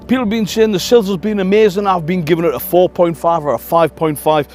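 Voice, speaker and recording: Upbeat middle-aged vlogger, a touch high-pitched, friendly slangy campfire chat. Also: male voice, steady tone, quick pace, few pauses, soft background music. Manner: chatty, upbeat, full of slang and shout-outs. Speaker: camping vlogger. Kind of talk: casual chat to camera by a campfire. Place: outdoors at a campfire at night.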